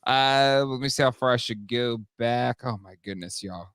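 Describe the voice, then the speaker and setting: A man hosting a live toy talk show, upbeat and chatty, with quick fillers and laughs. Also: medium pitch, a bit bright, clear, resonant tone, no echo, clean studio sound. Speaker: host.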